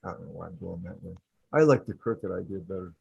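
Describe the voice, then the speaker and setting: A man's voice: low-pitched, quick pace, gravelly, darkish tone, husky, no room sound, highs cut off. A man chatting casually on a podcast, playful, laughing often and acting out silly phone voices. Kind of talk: casual chat. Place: home setup on a video call.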